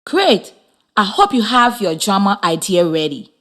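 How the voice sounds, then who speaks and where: Slow, lively-voiced woman radio teacher. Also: medium pitch. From Liberia. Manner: slow, encouraging, clear instructions. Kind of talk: radio reading lesson for children.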